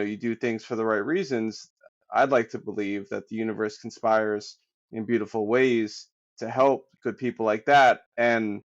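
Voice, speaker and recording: Enthusiastic male podcast host, dull audio. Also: on the low side. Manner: warm, enthusiastic, reflective, lots of fillers. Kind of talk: casual interview talk.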